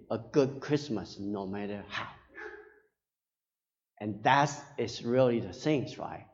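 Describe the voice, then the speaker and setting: Slow, earnest male preacher in a reverberant hall. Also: on the low side. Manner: halting, earnest, tags phrases with "right?". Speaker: pastor. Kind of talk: sermon. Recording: dull sound with long hall reverb.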